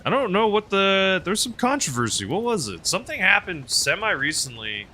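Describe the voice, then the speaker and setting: A man streaming a game, chatting casually and rambling aloud, swinging between loud bursts and mumbled asides. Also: high-pitched, very animated, normal speed, a little hiss or hum. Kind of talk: casual live-stream commentary while playing.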